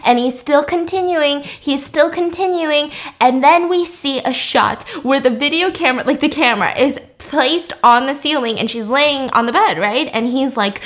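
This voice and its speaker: Animated, foul-mouthed woman recapping a movie. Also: high-pitched, moderate pace. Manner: animated, profane, jokey storytelling. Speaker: podcast host.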